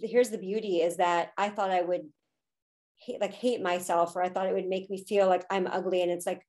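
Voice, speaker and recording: A woman's voice: lowish voice, steady tone, a little fast, a little mellow. A woman in her thirties, a podcast guest, telling a personal story in a candid, emotional way with frequent fillers. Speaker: podcast guest, spiritual teacher.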